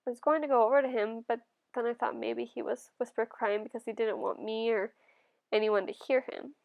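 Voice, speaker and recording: A woman reading a first-person novel aloud in a gentle, steady storytelling manner. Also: a little high, brisk, gravelly, lo-fi sound. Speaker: audiobook reader.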